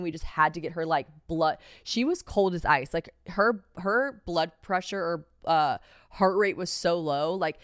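A woman's voice: on the low side, clean tone, no echo, clean studio sound. A young woman hosting a solo podcast, telling a story in a chatty, profane way with lots of filler words and dramatic quoted voices. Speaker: podcast host.

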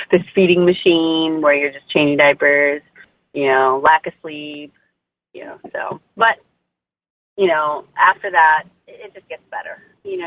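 A woman's voice: low-pitched, a little hiss or hum. A woman guest in a casual interview, telling her story in a heartfelt, rambling way full of "you know" and "like.". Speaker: guest mother sharing birth story. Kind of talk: casual interview over phone. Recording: tinny phone line.

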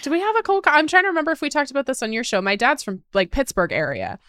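A woman's voice: sits high, huge pitch swings, very fast, fairly bright tone, no room sound, studio quality. A woman hosting a podcast in casual chat, talkative, laughing easily and swearing casually. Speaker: podcast host.

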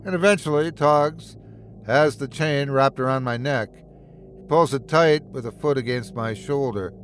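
Measured male horror narrator. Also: mid-range voice, a little hiss or hum. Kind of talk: first-person horror story narration.

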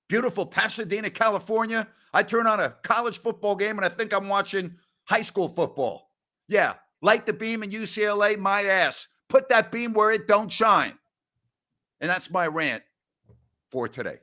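A man hosting a sports talk show, ranting loudly and scornfully with heavy emphasis. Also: high-pitched, expressive, moderate pace. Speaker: sports radio host.

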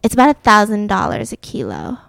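A woman telling a story in casual chat. She is animated, swears freely and fills her sentences with "like". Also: medium pitch, brisk, vocal fry, dry recording. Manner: animated, swears freely, lots of filler 'like'. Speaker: podcast co-host telling a story.

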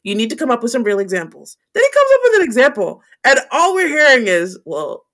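A woman's voice: high-pitched, big pitch swings, fast talker, a bit bright. A woman co-hosting a podcast, laughing and exasperated as she comments on a reality show. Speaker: podcast co-host. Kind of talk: casual recap chat.

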